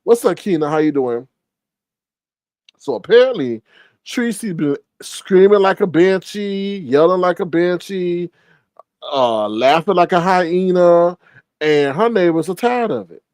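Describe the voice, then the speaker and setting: A man hosting a casual gossip commentary, retelling a story with animated exclamations. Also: high-pitched, a little slow, clean tone, no echo. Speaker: commentary show host.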